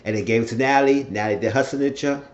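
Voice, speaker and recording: A man casually recapping a TV episode in a chatty, animated retelling. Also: medium pitch, racing, highs cut off. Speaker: TV show recap vlogger.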